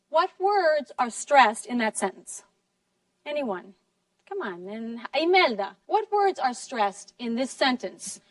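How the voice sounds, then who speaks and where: A high-voiced woman teacher talks slowly and deliberately, sounding out each sentence for her class and praising answers. The sound is dry, picked up from a little distance. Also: big pitch swings, dry recording. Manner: slow, deliberate, encouraging, models sentences clearly. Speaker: English teacher. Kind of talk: classroom lesson in two languages.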